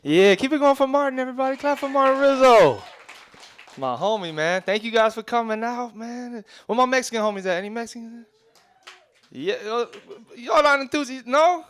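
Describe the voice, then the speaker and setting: A man's voice: extremely high pitch, lively intonation, moderate pace, a bit bright, clear, resonant tone. A man doing stand-up comedy, working the crowd in a slangy, teasing way.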